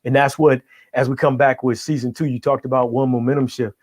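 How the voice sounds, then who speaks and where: A middle-aged man giving emphatic motivational talk as a podcast guest. His voice sits at an ordinary mid pitch, and he checks in constantly with his listener. The sound is close and dry. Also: flat delivery, fairly quick, darkish tone, dry recording. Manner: emphatic, keeps checking in with "right?". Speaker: guest coach.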